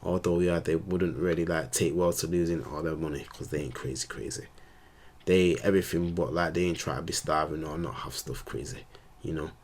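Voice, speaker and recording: A man's voice: extremely low pitch, steady tone, fairly quick. A man, an astrologer, rambling in slangy casual talk on his vlog. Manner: rambling, slangy, laid-back.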